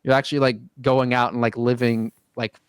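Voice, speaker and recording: A man's voice: medium pitch, level tone, brisk, clear, resonant tone, no room sound. Young guy podcast host, rambly and swears a lot, dead dry sound. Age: young adult. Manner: swears often, rambling with many fillers. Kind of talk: casual chat.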